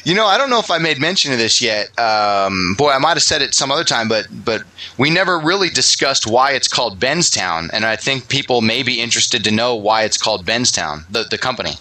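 A man's voice: mid-range voice, big pitch swings, brisk, bright, forceful tone, dry recording, low-quality recording. A man hosting a casual interview podcast, chatty and joking, with lots of fillers. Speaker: podcast host.

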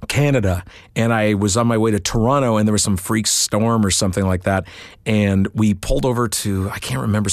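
A middle-aged man, a voiceover artist, telling work stories in an interview with animated asides and put-on voices. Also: fairly low pitch, no room sound, clean studio sound. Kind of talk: storytelling interview.

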